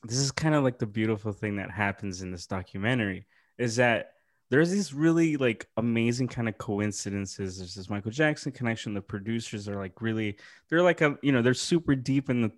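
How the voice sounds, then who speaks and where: A man hosting a casual reaction chat who is excitable, laughs often and swears freely. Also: fairly low pitch, brisk. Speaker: podcast host.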